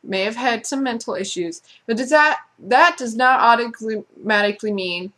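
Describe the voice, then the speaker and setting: A woman's voice: fairly high pitch, moderate pace, a bit bright. A woman vlogger in a casual, sarcastic rant who talks bluntly and swears freely. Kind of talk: casual ranting monologue.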